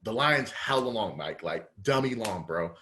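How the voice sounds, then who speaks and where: A young adult man on a podcast, telling a story casually with heavy slang and animated back-and-forth dialogue. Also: fairly low pitch, normal speed, slight background noise. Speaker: podcast co-host.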